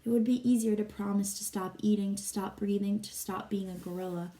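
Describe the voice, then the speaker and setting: A woman voicing a solemn adult male gorilla who makes a quiet, earnest promise. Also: medium pitch, steady tone, fairly quick, far from the mic, close to an everyday voice.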